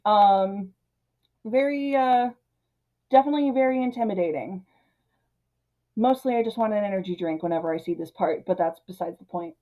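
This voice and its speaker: A woman hosting a casual film recap, chatty and animated, acting out the characters' lines in her own voice. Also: medium pitch, highs cut off. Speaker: video essay host.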